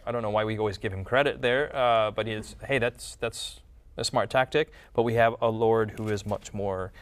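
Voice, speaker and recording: A man's voice: lowish voice, steady tone, normal speed. A man hosting a casual religious discussion, thinking aloud with many fillers and restarts. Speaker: podcast host.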